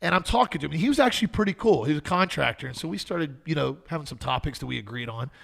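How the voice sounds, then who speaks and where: Brief: gravelly, husky male co-host, rapid emphatic storytelling. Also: fairly high pitch, expressive, fairly bright tone. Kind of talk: casual chat, storytelling.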